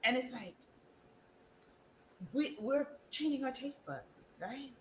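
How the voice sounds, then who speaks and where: An animated woman talks in a casual chat, and her pitch leaps around as she acts out other people's voices and laughs often. The recording is roomy and echoey, with a faint hiss of ambient noise underneath. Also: slow. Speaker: wellness guest.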